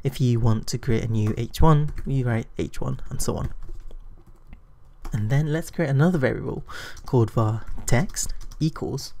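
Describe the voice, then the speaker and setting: Man, coding tutorial voice-over, mellow tone, unhurried, lots of filler words. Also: mid-range voice. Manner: unhurried, thinks aloud with frequent fillers. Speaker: programming tutor. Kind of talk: screen-recorded coding tutorial.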